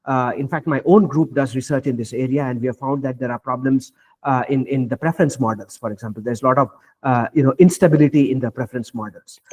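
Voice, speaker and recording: A man speaking as a panelist at a virtual roundtable, explaining AI safety in a measured way with many fillers and restarts. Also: mid-range voice, steady tone, darkish tone. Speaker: panelist, AI researcher. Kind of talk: panel discussion remarks. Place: virtual roundtable, video call.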